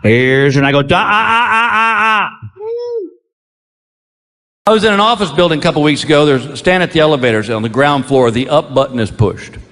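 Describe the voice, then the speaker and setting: Deadpan man telling stage one-liners. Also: medium pitch, fast, few pauses, long reverb tail. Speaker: stand-up comedian. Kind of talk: stand-up routine.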